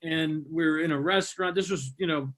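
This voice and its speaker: A man co-hosting a comedy stream in a fairly high, bright voice. He tells a worked-up, ranting story about marriage. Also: fairly even intonation, normal speed, rough recording. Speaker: comedy show co-host. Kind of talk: stand-up style anecdote.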